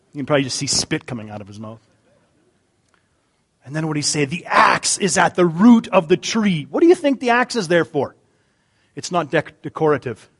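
A middle-aged man delivers a sermon in a high voice that leaps up and down in pitch. He jokes with his listeners and moves between loud emphasis and quiet asides. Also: slightly rough. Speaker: pastor.

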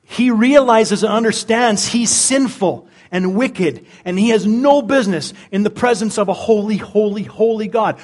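A man's voice: high voice, moderate pace, hardly any pauses, darkish tone. A middle-aged man, a pastor, preaching a conversational sermon and often repeating words as he searches for them.

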